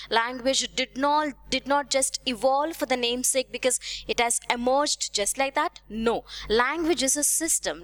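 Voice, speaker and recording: A woman with a high, light voice delivers a lecture over slides. She explains each term deliberately, repeating key points for emphasis. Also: a bit bright. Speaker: teacher.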